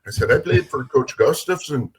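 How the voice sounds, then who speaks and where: A man's voice: medium pitch, normal speed, over a noisy crowd. A middle-aged man from Minnesota, a police officer, telling casual stories and acting out the voices of the people in them. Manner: animated, acts out voices in his anecdotes. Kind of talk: casual storytelling.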